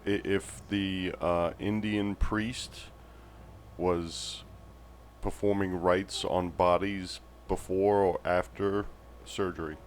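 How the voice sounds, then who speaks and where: A man playing a tabletop game who asks halting, hesitant questions. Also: sits low, flat delivery, slight background noise. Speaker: player.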